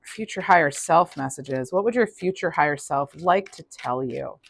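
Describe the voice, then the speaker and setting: A woman's voice: low-pitched, animated, moderate pace, vocal fry. A woman giving a casual, upbeat tarot reading, chatty with many restarts. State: clearing throat, losing voice. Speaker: tarot reader.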